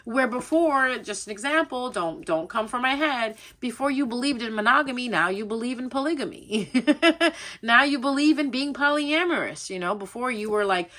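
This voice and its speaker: A woman's voice: fairly high pitch, expressive, normal speed, pushed and bright. A young adult woman chatting her way through a casual tarot reading, rambling and laughing often. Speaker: tarot reader.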